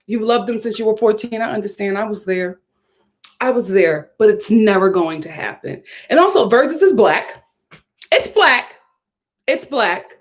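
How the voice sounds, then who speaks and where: A young woman from Philadelphia hosting a live stream, reading viewer comments with sassy, animated chat and frequent laughter. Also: on the high side.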